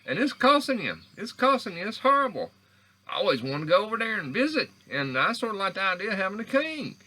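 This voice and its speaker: A man's voice: high-pitched, sing-song, fast, bright, forceful tone, rough recording. A man talking alone into a recorder in a meandering, stammering monologue full of restarts. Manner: meandering, stammering, frequent restarts and self-corrections. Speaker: vlogger. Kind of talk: rambling monologue. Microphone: handheld recorder.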